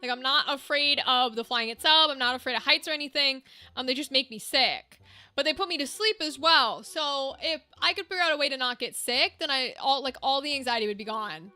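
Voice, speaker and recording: Speaking fairly quickly in a high, bright, forceful voice on a dry recording, a young woman streams a video game. Over the game music she chats with viewers and reasons aloud as she organizes her equipment.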